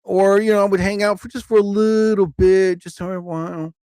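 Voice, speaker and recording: A man hosting a live stream, telling rambling stand-up stories casually, laughing often and jumping into higher voices to act out quotes. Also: little pitch movement, a little fast, warm tone, smooth, no room sound. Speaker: live show host, comedian.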